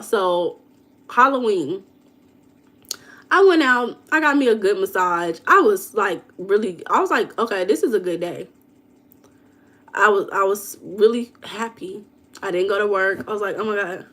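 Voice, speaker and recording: A woman chats on her livestream. She greets viewers by name and answers their comments. Her storytelling is loose and dramatic, and her voice sits at a middle pitch. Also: moderate pace, fairly bright tone. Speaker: livestream host. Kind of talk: casual livestream chat.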